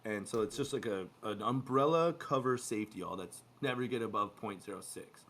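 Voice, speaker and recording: Low-voiced man telling animated stories. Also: a little fast. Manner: animated, acts out quoted dialogue. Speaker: podcast co-host, former cruise ship youth staff. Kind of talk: casual storytelling chat.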